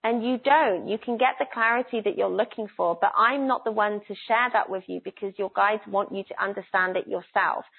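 A woman guides a listener through a spiritual reading in a soft, coaxing voice, lingering on the phrases that matter most. Her voice sits at an ordinary middle pitch. She comes through a laptop call, so the sound is thin and tinny, like a phone line. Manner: soft, earnest, coaxing, slows down on key phrases. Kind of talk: live online spiritual reading. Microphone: laptop on a video call.

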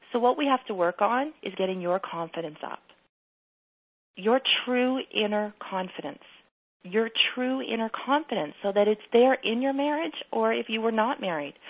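A woman's voice: fairly high pitch, breathy edge. Emphatic woman coaching over tinny line. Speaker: relationship coach. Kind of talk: radio advice call. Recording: tinny phone-like broadcast.

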